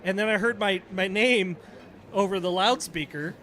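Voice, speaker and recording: A man's voice: sits high, moderate pace, sharp tone. A middle-aged man, a retired Navy chief, casually telling a story on a podcast and acting out the dialogue.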